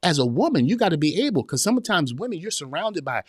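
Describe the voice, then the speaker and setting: A podcast host with a husky, sing-song voice on the high side talks fast in studio-quality sound with no room echo. His motivational talk is emphatic and full of repeated phrases, and he keeps asking listeners, "y'all hear me?"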